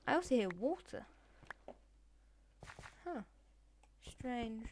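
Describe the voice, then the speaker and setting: A woman chats her way through a game with playful commentary, talking to the animals she meets and slipping into whispered asides. Her voice sits a little high, and a faint hiss runs beneath it. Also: lively intonation, takes it slowly, long pauses. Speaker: Let's Play gamer. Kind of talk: casual gameplay commentary.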